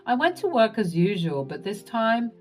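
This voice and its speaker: A woman narrating a first-person drama story in an expressive, dramatic storytelling manner. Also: fairly high pitch, normal speed, faint music behind.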